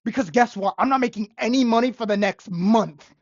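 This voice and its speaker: A woman's voice: fairly high pitch, fairly quick, dry recording. Exasperated young woman ranting, dull lo-fi sound. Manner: exasperated, sarcastic ranting with repeated phrases. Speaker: restaurant busser. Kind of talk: ranting vlog monologue. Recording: dull, lo-fi and dry.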